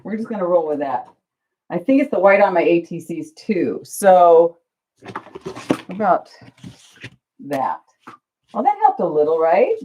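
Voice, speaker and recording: A low-voiced woman chats her way through a crafting livestream, her pitch bouncing lively up and down. She is flustered and pokes fun at herself as she talks to viewers. The audio is dull and lo-fi. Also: unhurried, pauses often, slight background noise. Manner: flustered, chatty, self-deprecating, talks to viewers. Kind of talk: casual livestream chat while crafting.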